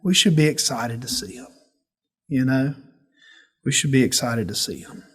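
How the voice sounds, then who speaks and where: A man leading a church Bible study, teaching in a folksy, animated storytelling way. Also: medium pitch, normal speed, breathy edge. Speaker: pastor.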